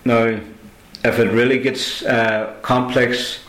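A man teaching phrases in a casual lesson, patient and repeating each phrase slowly. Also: medium pitch, flat delivery, a bit bright, roomy sound, poor audio. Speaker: Irish language teacher. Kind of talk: conversational language lesson.

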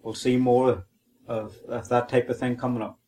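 A man's voice: medium pitch, flat delivery, normal speed, dark tone, slight background noise. A man with a Northern Irish accent co-hosting a podcast, teaching a language lesson methodically and spelling and repeating words.

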